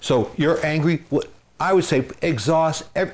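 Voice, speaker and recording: His voice sits fairly high and swings widely in pitch as he talks at normal speed. The man, a marriage and family therapist, gives the camera earnest advice, stressing points through repetition and using homespun, everyday comparisons.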